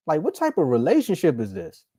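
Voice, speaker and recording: Male sports podcast host, relaxed mellow tone, dry close mic, lively mock impressions. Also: fairly high pitch, fairly quick, no room sound. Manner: animated, acts out quotes in mocking voices. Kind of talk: casual sports talk.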